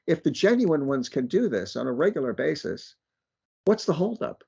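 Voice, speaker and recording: Husky, gravelly man arguing earnestly. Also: on the high side, sing-song, moderate pace, a little mellow. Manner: earnest, argumentative, repeats words for emphasis. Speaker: author and researcher. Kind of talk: casual conversation.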